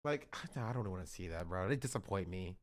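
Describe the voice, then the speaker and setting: A man's voice: low-pitched, animated, a little fast. A young man streaming live, reacting to videos with joking, mock-outraged rants. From United States.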